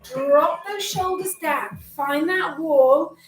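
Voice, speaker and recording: Her voice is high and unhurried as she runs a live online fitness session, mixing encouragement, countdowns and casual asides, slightly out of breath. Recorded indoors in a home room, the sound is echoey and distant, with faint music.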